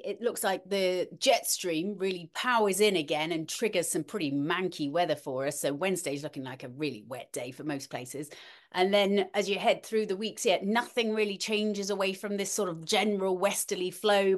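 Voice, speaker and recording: A middle-aged woman, co-hosting a casual weather chat, animated and talkative, with frequent ums and restarts. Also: mid-range voice, moderate pace. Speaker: podcast co-host, weather presenter.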